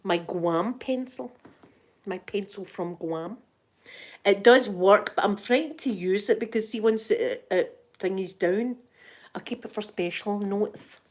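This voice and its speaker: A woman's voice: mid-range voice, unhurried. An older woman with a Scottish accent, chatting casually and cheekily as an ASMR host, laughing often.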